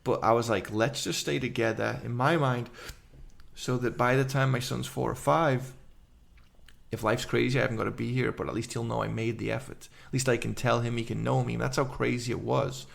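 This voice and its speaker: A man with a gravelly voice giving an earnest personal testimony, talking quickly in long run-on sentences. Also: mid-range voice, fairly even intonation. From England. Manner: earnest, rapid run-on storytelling. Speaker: guest, urban missionary.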